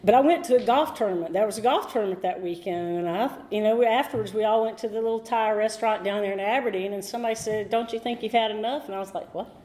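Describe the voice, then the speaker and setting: Speaking quickly with few pauses, a middle-aged woman from North Carolina shares her recovery story in a meeting room. Her voice is medium in pitch and dark in tone, and her talk is candid, somewhat rambling, and emotional at times.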